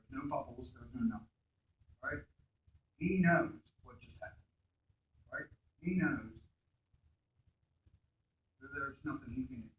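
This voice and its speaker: A man giving an earnest personal talk to students, checking in with listeners often with questions like "right?". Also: mid-range voice. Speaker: speaker telling his accident story to students. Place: school hall or classroom. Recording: echoey room, mic from a distance.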